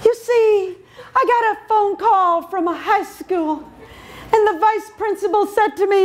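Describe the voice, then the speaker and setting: An older woman giving a comic motivational speech on stage, telling stories with lively acted-out voices. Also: extremely high pitch, unhurried. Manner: animated storytelling, acts out voices. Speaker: motivational speaker.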